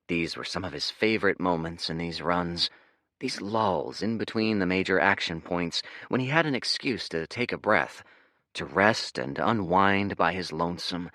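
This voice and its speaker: A man's voice: low-pitched, normal speed, bright, forceful tone, no room sound, studio quality. A man narrating an audiobook expressively, switching into character voices. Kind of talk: scripted narration.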